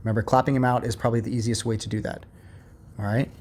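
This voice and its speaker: A patient young man teaching a remote lesson, explaining each step slowly and checking in often. His voice sits at a moderate, everyday pitch. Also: little pitch movement, background noise. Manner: patient, step-by-step, repeats "all right" and "okay". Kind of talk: recorded remote lesson walkthrough.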